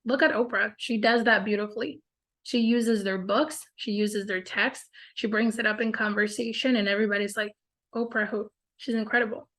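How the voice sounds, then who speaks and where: A woman's voice: mid-range voice, steady tone, normal speed, a bit bright. A woman hosting a casual group coaching call, upbeat and encouraging, with a lot of "like" and "y'all".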